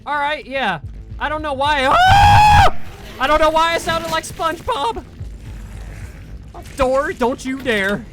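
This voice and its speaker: This gamer's voice is very high-pitched and animated, with a measured pace and frequent pauses, heard over the loud soundtrack of the horror game he's playing. He narrates live, jumpy, cursing and yelping at each scare.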